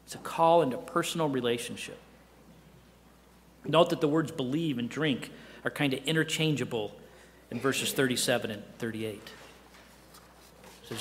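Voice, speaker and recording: A middle-aged man preaching a sermon in a conversational way, often dropping to a hushed voice for emphasis and asking the listeners rhetorical questions. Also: mid-range voice, expressive, normal speed, pauses often, big-room sound, a little hiss or hum. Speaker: pastor.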